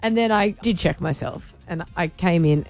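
A woman's voice: on the low side, moderate pace, a little mellow. A woman, co-hosting morning radio and telling chatty, confessional stories with frequent laughs. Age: 40s. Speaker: radio breakfast co-host. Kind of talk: casual radio banter. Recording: radio studio with faint music bed.

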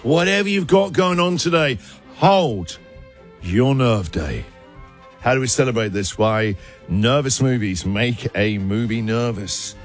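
A man's voice: mid-range voice, measured pace, faint music behind. A man hosting a radio show, trading jokey puns and laughing often. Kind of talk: playful radio banter reading listener puns.

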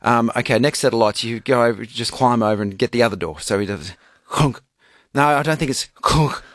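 A man, hosting a casual radio chat and telling a story with lively laughs. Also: mid-range voice, fast, no echo, clean studio sound. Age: 50s. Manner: animated storyteller, laughs through his own anecdotes. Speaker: radio host.

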